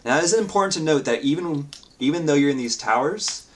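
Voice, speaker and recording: A man's voice: fairly high pitch, expressive, brisk, noisy background. A man narrating as game master of a tabletop game, describing scenes in a loose way with many fillers.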